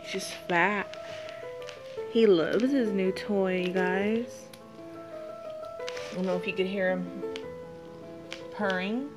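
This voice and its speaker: A woman's voice: mid-range voice, takes it slowly, long pauses, music in the background, low-quality recording. A woman in a casual pet vlog at home, cooing baby talk at her cat and laughing often. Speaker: pet vlogger.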